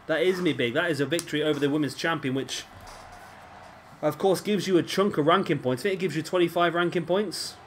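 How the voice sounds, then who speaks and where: A man's voice: on the high side, quick pace, slight background noise. A man giving casual, rambling commentary over a wrestling video game and often correcting himself. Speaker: gaming commentator.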